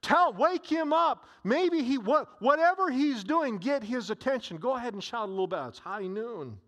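A man's voice: lively intonation, a little fast, in a large hall. A man voicing a male prophet who mockingly taunts his rivals, jeering in a raised voice. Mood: taunting. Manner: jeering, high and loud.

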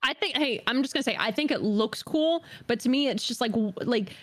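A woman's voice: on the high side, animated, a little fast, a bit bright, no echo. A woman co-hosting a casual gaming podcast, talking in a playful, rambling way. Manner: playful, lots of "like" fillers. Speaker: podcast co-host. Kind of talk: casual chat.

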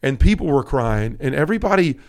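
A man's voice: on the high side, big pitch swings, fairly quick. Earnest man recounting an emotional pilgrimage. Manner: earnest, emotional, rambling with restarts. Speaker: podcast host. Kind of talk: casual conversation about a pilgrimage.

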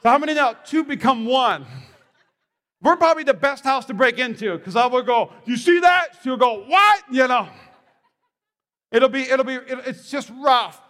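A man's voice: very high voice, moderate pace, long pauses, a bit bright. A man preaching a sermon as pastor, telling stories with animation and restarting his words as he goes. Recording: long hall reverb.

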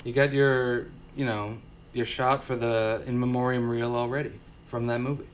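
A man's voice: mid-range voice, little pitch movement, moderate pace, slight background noise. A man co-hosting a podcast, chatting in a laid-back, wry and agreeable way. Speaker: podcast co-host. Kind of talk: casual chat.

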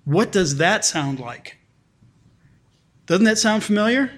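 This pastor's voice sits high and sounds expressive and a bit bright as he preaches slowly. His sermon is conversational, full of restarts and repeated words, with scripture read aloud in a lifted, emphatic tone.

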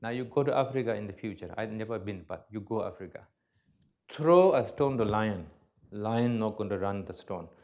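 A man teaching in halting non-native English, answering audience questions in a lecture hall and acting out examples with emphasis. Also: fairly low pitch, animated, darkish tone. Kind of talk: spoken talk and Q&A.

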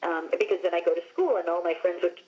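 Speaking quickly in a slightly low, somewhat mellow voice, this actress from Long Island, New York spins lively stories as an interview guest, full of "like" and "you know." The recording has its highs cut off.

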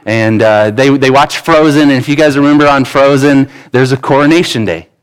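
A man's voice: mid-range voice, a little fast, clear, resonant tone, poor audio. A pastor in his thirties preaching a sermon in an earnest, conversational way, with asides and restarts.

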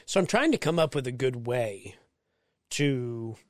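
A man co-hosting a podcast, telling stories in a casual, profane, animated way. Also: medium pitch, measured pace, no echo. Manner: profane, storytelling, animated when quoting. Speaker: podcast co-host. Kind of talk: casual chat.

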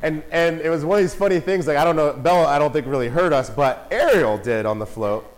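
A father telling a family story in a casual, animated way. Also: a little high, a little fast, rough recording. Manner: animated, acts out voices and shouts in quotes.

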